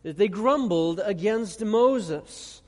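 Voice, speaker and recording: A high-pitched male pastor delivers an earnest sermon, slowing to stress each phrase of scripture and putting questions to his listeners. His voice rings with the long reverb of a large church hall. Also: expressive, darkish tone. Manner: earnest preaching with rhetorical questions and slow emphatic scripture reading.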